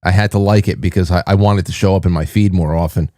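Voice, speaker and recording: A male podcast host talks casually, rambling and doubling back on his words with a wry edge. His voice sits low, and the sound is dry with no room around it. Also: fairly even intonation, quick pace, darkish tone, dry recording. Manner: rambling, wry, restarts mid-sentence. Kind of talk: casual solo commentary.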